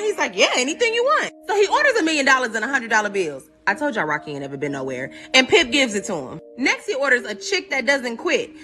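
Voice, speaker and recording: A woman host casually retelling a story, acting out the characters' lines with lots of energy. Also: on the high side. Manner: animated, acts out the characters' lines. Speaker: live stream host.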